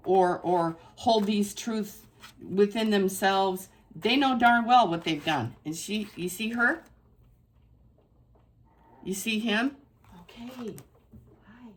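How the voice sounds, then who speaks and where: A woman giving a casual spiritual tarot reading to her viewers, effusive and emphatic, repeating phrases for stress. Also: mid-range voice. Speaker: tarot reader.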